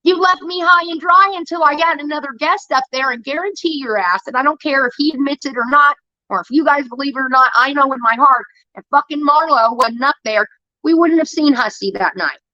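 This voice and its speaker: High bright-voiced woman, angry profane streamer rant, dry and slightly dull sound. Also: fairly quick, no room sound. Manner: profane, heated, defensive. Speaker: livestreamer. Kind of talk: angry ranting monologue.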